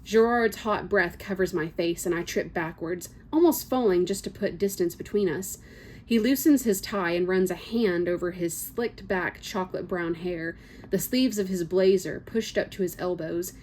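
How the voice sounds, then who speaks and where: A woman's voice: fairly low pitch, normal speed, darkish tone, a little hiss or hum. A woman reading a first-person novel excerpt aloud, with small slips and casual asides. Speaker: book reader.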